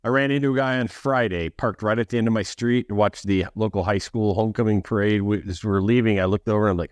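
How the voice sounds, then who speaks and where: A man co-hosting a casual sports podcast over a remote call, telling animated stories and acting out what other people said. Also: fairly low pitch, fast talker, no echo, clean studio sound. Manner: animated, acts out quoted voices. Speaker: podcast co-host.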